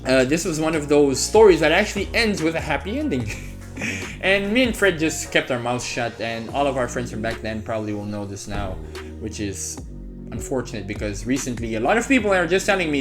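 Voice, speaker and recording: A man telling a personal story on his vlog, casual and animated, swearing freely and laughing often. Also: medium pitch, a little fast, over music. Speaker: YouTube storyteller.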